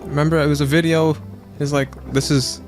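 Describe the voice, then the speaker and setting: A man hosting a let's play, chatting casually in a rambling, animated way and acting out quotes in silly voices. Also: fairly high pitch, brisk, faint music behind. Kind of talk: casual gaming chat.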